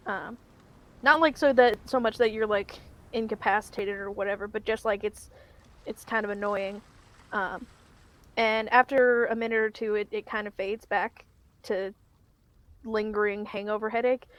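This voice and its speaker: A woman's voice: on the high side, muffled recording. A woman running a tabletop game as game master. She narrates in a rambling way, with lots of ums and restarts.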